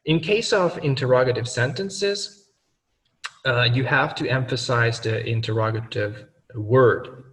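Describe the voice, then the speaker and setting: A man explains grammar to learners at an even, mid pitch, with plenty of fillers and restarts. He stands away from the microphone, and his voice trails into a long reverb. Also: recorded from a distance. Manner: many fillers and self-corrections, slows down for examples. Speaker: language teacher.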